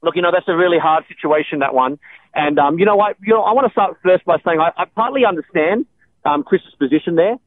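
A quick-talking man speaks earnestly on a call-in radio show, often stopping and restarting his thoughts. The sound is narrow and phone-like, with a faint hiss behind him. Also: high voice, lively intonation. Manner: earnest, halting, many restarts. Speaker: radio guest answering callers.

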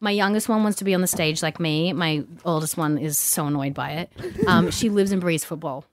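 A woman's voice: deep voice, brisk, crowd noise. A woman in her thirties with an Australian accent, an actress chatting casually as a guest and often laughing. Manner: animated, laughing, slips into put-on accents. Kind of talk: casual interview chat.

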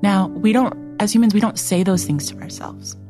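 A young woman earnestly sharing a personal faith testimony, reflective and full of filler words, sometimes dropping to a soft hush. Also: medium pitch, moderate pace, over music.

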